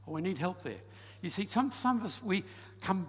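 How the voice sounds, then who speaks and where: A man's voice: high-pitched, very animated, normal speed, slightly rough. Preacher man in a reverberant hall. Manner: swings from loud emphasis to soft hushed lines. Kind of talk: sermon storytelling.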